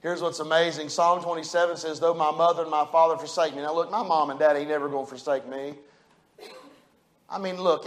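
A middle-aged pastor preaching with a high, ringing voice. He talks in a folksy, plain-spoken way and swings between quiet, close passages and loud, fervent peaks. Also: fairly even intonation, fairly quick. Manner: preaches with rising fervor, folksy and emphatic. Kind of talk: sermon.

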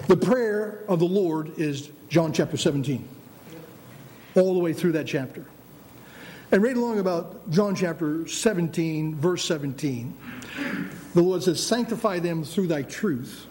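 A man preaching a sermon as pastor, animated, acting out the voices of God and believers. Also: fairly high pitch, measured pace, long pauses, slight background noise.

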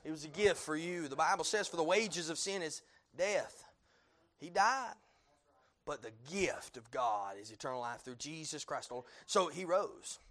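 Preaching a sermon, this man sinks into hushed, low passages and then builds to loud peaks, peppering his words with amens and "uh" fillers. His intonation is lively and his pace moderate.

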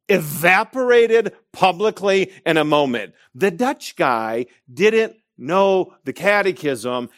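A man from Michigan preaching a sermon, telling stories and slowing down to stress key phrases. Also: high-pitched, fairly bright tone, dry recording, studio quality. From Michigan, USA. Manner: storytelling, emphatic with slow stressed phrases.

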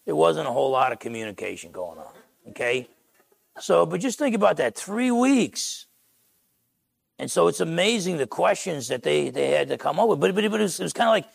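A man's voice: on the high side, very animated, a little fast, gravelly, breathy edge, no room sound. A middle-aged man with a New Jersey accent, preaching a sermon and telling a story, acting out the people he quotes. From Essex County, New Jersey. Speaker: pastor.

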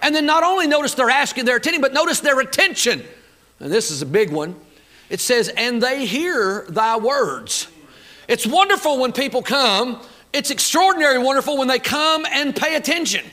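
A man's voice: very high-pitched, animated, moderate pace, sharp tone. A man preaching a sermon, fired up and folksy, talking back and forth with the crowd. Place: church auditorium.

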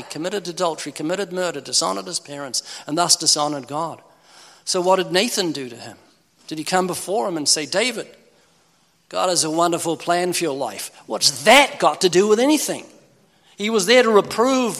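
A man preaching a sermon with urgent, pleading delivery and dramatic swings between loud and soft. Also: on the high side, creaky, in a large hall.

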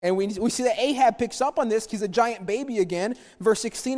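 A man preaching a sermon, retelling a Bible story in an animated way and acting out the quotes. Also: sits high, fairly quick, few pauses, long reverb tail. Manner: animated storytelling, acts out quotes, repeats words.

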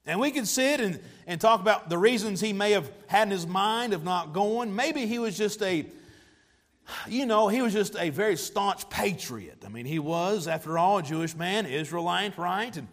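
A man preaching a sermon with emphatic delivery, stretching and rushing words for effect. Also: high voice, animated. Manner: emphatic, varying pace and loudness for effect. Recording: long hall reverb.

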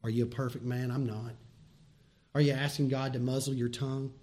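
Fairly quick and level in tone, a mid-range male voice preaches a sermon as pastor, going from loud, repeated emphasis to soft, folksy asides and direct questions to those listening.

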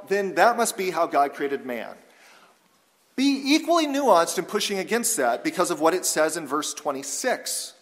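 A man preaching an expository sermon, measured and emphatic, slowing down to read scripture aloud. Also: on the high side, a bit bright. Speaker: pastor. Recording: long hall reverb.

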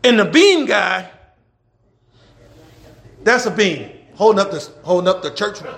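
Animated high-voiced pastor preaching. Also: male voice, measured pace, creaky, roomy sound. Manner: animated, laughing, shouting at times. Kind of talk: sermon. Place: church.

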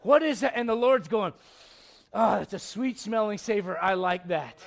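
High-voiced man preaching a sermon. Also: expressive, moderate pace, gravelly. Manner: emphatic, conversational, acts out quotes and asides, frequent restarts. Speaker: pastor.

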